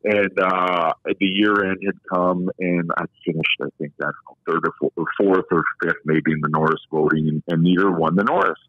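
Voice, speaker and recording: A man's voice: low-pitched, steady tone, normal speed, hardly any pauses, no echo. A man in his forties, a podcast guest, telling long candid stories from his playing career in a casual, rambling way. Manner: long-winded, candid storyteller. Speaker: podcast guest, former pro hockey player. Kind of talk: casual anecdotal storytelling. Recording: thin phone-line sound, dry.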